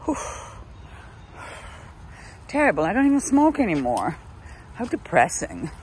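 A woman's voice: on the low side, huge pitch swings, brisk, slight background noise. A woman out of breath on a woodland walk, cooing endearments to her dogs between chatty asides to the camera. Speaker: dog walker. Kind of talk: casual walking vlog. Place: outdoors on a woodland preserve trail.

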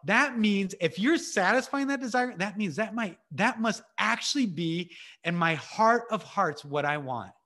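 A man with a fairly high voice shares an impassioned spiritual testimony over a video call. He talks casually, with fillers and restarts. His delivery swings between urgent, raised passages and quiet, hushed ones. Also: expressive, unhurried. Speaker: ministry speaker.

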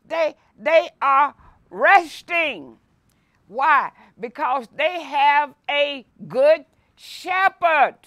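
A woman pastor leading a Bible lesson, reading scripture aloud and preaching with slow emphasis and repetition. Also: high-pitched, lively intonation, a bit bright, no room sound, clean studio sound. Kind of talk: sermon-style Bible lesson. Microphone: no mic, by her own words.

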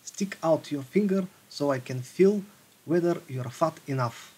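A man voicing a wicked old woman witch from a storybook in his own husky reading voice. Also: a little high, measured pace, mellow. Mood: bossy.

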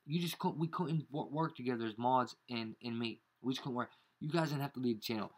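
A man's voice: mid-range voice, fairly quick. A man in an angry, confrontational rant, full of slang and repeated insults, showing proof on his screen. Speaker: YouTuber.

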